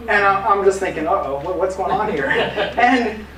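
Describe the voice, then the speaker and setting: A man's voice: sits high, normal speed. Man giving a casual talk in an echoey room. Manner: casual, lively storytelling with acted quotes and fillers. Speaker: apologetics teacher and conference speaker. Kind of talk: live conference talk. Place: museum conference room. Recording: echoey room, distant mic, faint noise.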